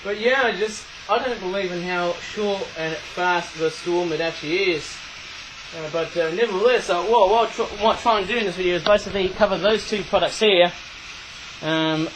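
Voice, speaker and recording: A man vlogging as channel host, chatting excitedly with frequent tag questions while filming rain from indoors on a camera mic. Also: high-pitched, noisy background. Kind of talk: casual vlog narration.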